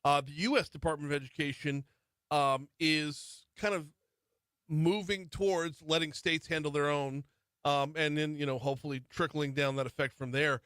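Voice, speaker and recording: Easygoing radio host guy in his 40s from louisiana, bit higher voice, dry studio sound. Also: fairly even intonation, moderate pace, a bit bright, smooth, dry recording. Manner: easygoing and chatty, laughs easily. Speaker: radio talk show host. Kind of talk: casual radio interview.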